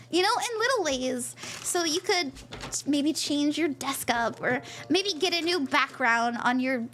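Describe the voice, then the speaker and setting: A woman's voice: high-pitched, lively intonation, normal speed, background noise. A woman hosting a live stream, chatting in a bubbly way and thanking viewers by name as a tarot reader. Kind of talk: casual live-stream chat.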